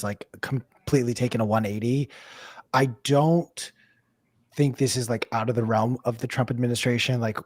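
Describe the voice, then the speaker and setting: A man's voice: mid-range voice, no echo. A man co-hosting a casual panel discussion, chatty and full of fillers. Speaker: podcast co-host.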